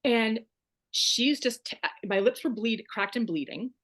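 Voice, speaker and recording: A woman's voice: on the high side, unhurried, a bit bright. A woman guest on a podcast, telling her own story in an emphatic, wry, candid way. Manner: emphatic, wry, acts out quoted voices.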